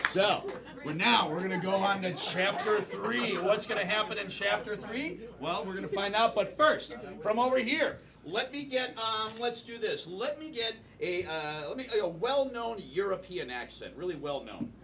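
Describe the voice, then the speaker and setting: A man's voice: sits high, lively intonation, normal speed, creaky. A man hosting an improv comedy game on stage, announcing rules with playful emphasis. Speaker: improv show host. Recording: distant mic, loud audience.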